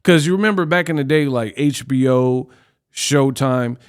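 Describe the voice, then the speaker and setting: A man hosting a boxing news channel, giving casual reaction commentary in an animated, slangy way. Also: medium pitch, smooth. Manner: animated, slangy, fast banter.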